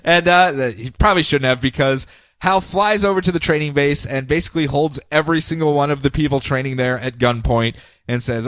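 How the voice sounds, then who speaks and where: A podcast co-host casually recaps comic book stories, jokey and animated, often slipping into silly voices. His voice is on the high side and fairly quick, and there's no echo.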